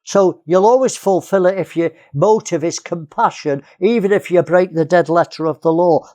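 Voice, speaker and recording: A man's voice: high voice, warm tone. A man from England preaching a sermon, earnest, repeating key phrases and often restarting.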